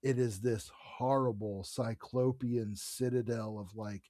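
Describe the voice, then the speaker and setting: Man, podcast co-host, eager storyteller, middle pitch, dry close sound. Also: steady tone, measured pace, dark tone, no echo. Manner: enthusiastic retelling, many fillers. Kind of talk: casual chat about comics.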